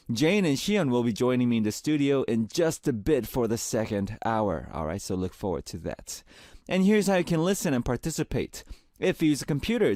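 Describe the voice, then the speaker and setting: A man's voice: mid-range voice, darkish tone, no echo. A young man hosting a radio music show, moving from a reflective scripted opening into friendly announcements at a studio microphone.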